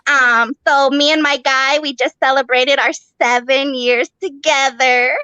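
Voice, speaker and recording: Young woman comic ranting on stage, cussing a lot, bright voice, kinda high. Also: steady tone, measured pace, dry recording, highs cut off. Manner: profane, rambling, brash. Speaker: stand-up comic. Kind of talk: stand-up set.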